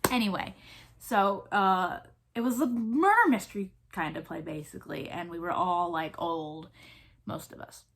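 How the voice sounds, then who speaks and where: A woman's voice: on the low side, normal speed, fairly bright tone. A woman in her twenties from the US South with a Southern accent, chatting casually as a vlogger, rambling with many fillers and restarts. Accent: Southern American. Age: 20s. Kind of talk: casual chat.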